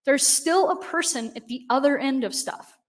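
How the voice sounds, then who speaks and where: A woman giving a conversational, animated conference talk, often checking in with the audience. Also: sits high, normal speed. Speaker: conference speaker. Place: conference stage.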